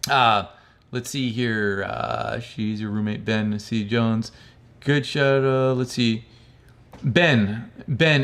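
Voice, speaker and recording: A man from the United States chats casually on a livestream, reading viewer comments aloud and answering them. He rambles in a friendly, easygoing way, tosses in "bro" and "man," and has a voice of ordinary middle pitch. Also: fairly bright tone. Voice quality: calls his own speech hick-like.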